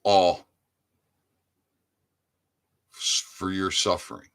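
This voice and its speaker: An older man ranting in an impassioned monologue, swinging between loud outbursts and low muttering. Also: flat delivery, extremely slow, smooth. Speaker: activist channel host.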